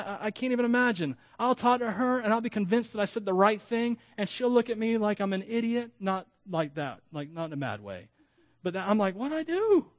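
A man preaching a sermon as pastor, animated, with humorous asides and self-deprecating jokes. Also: fairly high pitch, no room sound. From Florida.

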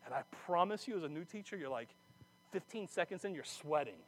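A man giving a sermon, animated and chatty, often breaking off mid-phrase to start again and slipping in jokey asides. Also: sits high, a little fast. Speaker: preacher. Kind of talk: sermon with personal stories.

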